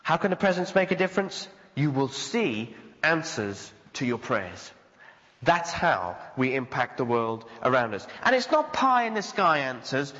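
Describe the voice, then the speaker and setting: A man's voice: medium pitch, very animated, a little slow, bright, forceful tone. A man preaching a sermon as pastor, earnest and conversational, acting out the voices he quotes. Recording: dull sound with long hall reverb.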